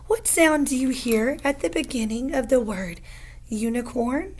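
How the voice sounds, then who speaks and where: A woman teaching a phonics lesson to young learners, patient and encouraging, stretching out each sound slowly. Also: sits high, animated.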